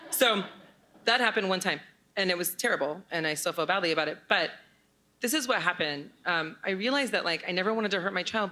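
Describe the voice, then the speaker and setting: A woman's voice: on the low side, sharp tone. A woman in her forties telling a true personal story live on stage, candid and blunt, swearing casually.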